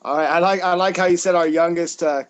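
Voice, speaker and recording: A man's voice: on the high side, fairly even intonation, quick pace, poor audio. A man in his thirties from Colorado doing a stand-up set over a video call, rambling and self-deprecating with many fillers and restarts. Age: 30s. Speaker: stand-up comic.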